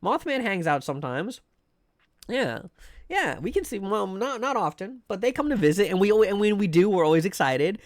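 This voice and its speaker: Man, live streamer, rambling casual chat, higher voice, dry close sound. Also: big pitch swings, normal speed, dry recording. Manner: rambling, many fillers and restarts. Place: home room.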